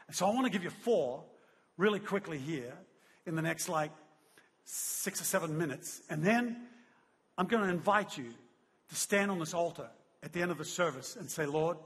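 Husky, animated preacher in a big hall. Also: male voice, on the high side. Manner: animated storytelling, laughing. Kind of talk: sermon. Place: large church hall. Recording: long hall reverb.

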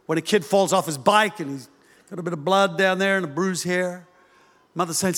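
A male pastor preaching a sermon in an animated, humorous way, acting out the voices of parents. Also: high-pitched, normal speed, in a large hall.

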